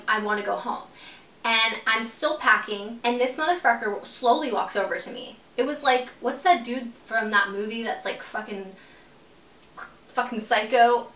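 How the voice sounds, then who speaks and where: A woman's voice: medium pitch, a bit bright, a little hiss or hum. A young adult woman telling a storytime vlog in a casual, profane way, full of "like". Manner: casual, profane, heavy use of "like". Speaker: vlogger. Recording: echoey room, mic at a distance.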